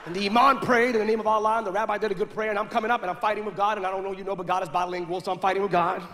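A man preaching a story-driven sermon, animated and rising at times to shouts. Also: high voice, rapid-fire, a crowd in the background. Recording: echoey hall with faint noise.

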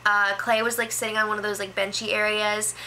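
Bright-voiced chatty woman recapping. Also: medium pitch, little pitch movement, slight background noise, low-quality recording. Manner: chatty, filler-heavy, quick impressions of people she quotes. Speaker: reality show recap host. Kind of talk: casual spoiler recap.

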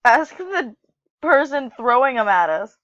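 A woman commentating her own gameplay who gets easily exasperated, swearing and yelling at the other players. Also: sits high, big pitch swings, unhurried, no room sound, muffled recording. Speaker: gamer playing parkour maps.

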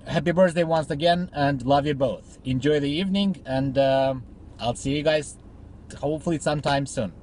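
A man records a casual birthday video for a friend, his voice sitting a little high. He swears a lot and jokes crudely, then turns warm and sentimental. A faint background hum runs under the recording. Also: moderate pace.

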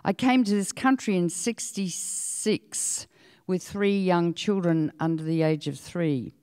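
Older Australian woman, lowish voice, frank lecturer; dry close mic with a long hall tail. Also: slow pace, warm tone, smooth. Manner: storytelling, frank and outspoken. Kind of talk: public lecture.

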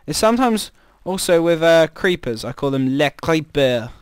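A man's voice: on the high side, animated, normal speed, clean tone, no room sound, studio quality. A man giving rambling, chatty commentary while playing a game, breaking into startled exclamations. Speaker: gamer. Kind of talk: casual gameplay commentary.

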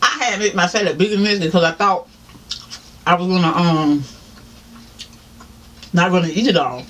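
High-pitched Southern man, mukbang chat between bites, faint room noise. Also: normal speed, a bit bright. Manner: chatty, laughing, talks while chewing, addresses viewers as y'all. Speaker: mukbang vlogger. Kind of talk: casual eating-show chat.

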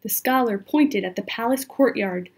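A woman's voice: a little high, normal speed, a little mellow. A woman reading a children's book aloud expressively, sometimes turning to talk directly to the listener. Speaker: storyteller.

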